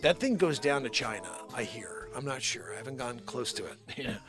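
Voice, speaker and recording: A man hosting a live improv comedy show, rambling with giggles and sudden shouted bursts. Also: mid-range voice, lively intonation, fairly quick, soft background music.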